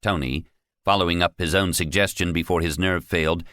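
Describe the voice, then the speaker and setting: A man narrating an audiobook in a measured, steady storytelling way. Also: low-pitched, no room sound, clean studio sound. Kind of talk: scripted narration.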